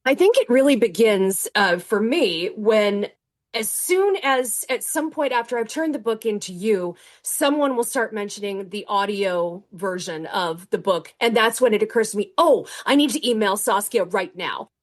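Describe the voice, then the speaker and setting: A woman writer talks through her process in an easy, conversational way. She often stops and restarts her sentences and fills pauses as she goes. Her voice sits at a middle pitch. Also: lively intonation. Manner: chatty, with frequent fillers and restarts. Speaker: author. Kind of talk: reading acknowledgments, then casual interview talk.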